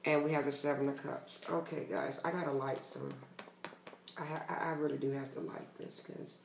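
A man's voice: on the high side, little pitch movement, normal speed, creaky, roomy sound, noisy background. A man giving a casual tarot reading to his channel's viewers, talking bluntly and emphatically and swearing freely. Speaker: tarot reader.

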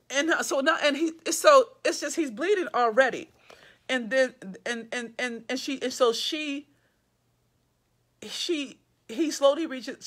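A woman's voice: high voice, fairly bright tone. A woman reading her own story aloud and breaking off to gush and swear about her characters. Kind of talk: live reading with commentary.

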